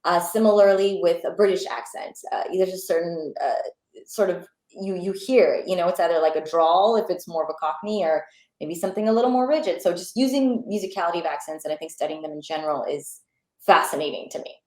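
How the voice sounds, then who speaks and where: A young adult woman, an actor, chatting as a guest in an interview, enthusiastic and animated with many fillers. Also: fairly low pitch, a little fast, reverberant. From Pakistani and Bangladeshi heritage. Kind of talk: casual interview chat.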